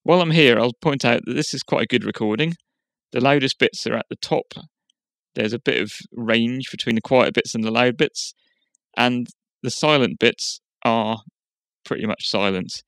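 A man hosting a software tutorial, explaining each step in a plain, steady way. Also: medium pitch, moderate pace, dry recording. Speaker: tutorial host. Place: quiet room.

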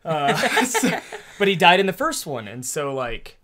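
A man's voice: a little high, unhurried. A man co-hosting a casual movie podcast, talking loosely and laughing as he riffs with friends. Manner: laughing, animated, drops into mocking impressions. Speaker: podcast co-host. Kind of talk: casual movie-riffing chat.

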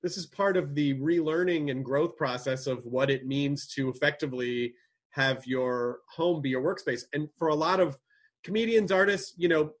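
Jokey man with a husky voice. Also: fairly high pitch. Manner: quick, jokey, slips into mock voices. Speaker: podcast host. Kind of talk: casual chat over video call.

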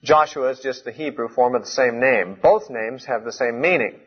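Earnest male Bible teacher, slightly husky. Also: medium pitch, normal speed. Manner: earnest, explanatory, emphatic on key points. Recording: muffled lo-fi recording.

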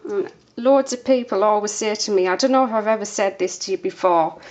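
A woman's voice: mid-range voice, a little mellow. A woman soap maker chatting casually through a demonstration, a bit out of breath, with lots of fillers. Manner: chatty, unhurried, many fillers.

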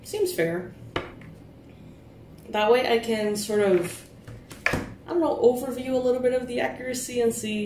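A woman giving a relaxed, chatty tarot reading to camera, in a sleepy early-morning voice. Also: on the high side, roomy sound, far from the mic, noisy background. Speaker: tarot reader.

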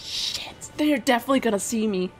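Lively high-voiced woman streaming a game. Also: measured pace, soft background music. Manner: chatty, swears freely, laughs often, talks to chat. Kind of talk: live gameplay commentary.

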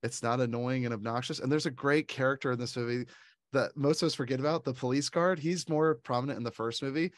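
A man co-hosting a casual film podcast recounts favorite scenes with enthusiasm, laughing often and quoting lines in put-on voices. He talks quickly at a medium pitch, and the recording is dry and clean, studio quality.

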